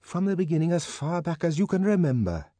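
A man reading an audiobook, voicing an earnest, curious man who speaks in slow, drawn-out phrases. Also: medium pitch, very animated, a little mellow, slightly rough, dry recording, pitched above the performer's own voice, heavily acted. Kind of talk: audiobook character voice.

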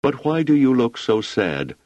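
A man voicing a kindly, absent-minded older male scholar who speaks slowly and reassuringly. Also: mid-range voice, very animated, a little mellow, no room sound, muffled recording, pitched above the performer's own voice.

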